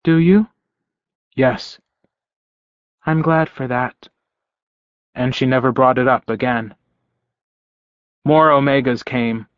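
A man narrating a first-person novel in a measured, steady way. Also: medium pitch, no echo. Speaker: audiobook narrator. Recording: dry, dull close-mic recording.

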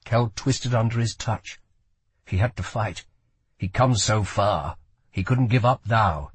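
A man narrating a fantasy audiobook in a measured, dramatic reading. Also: fairly low pitch, lively intonation, slightly rough, no echo.

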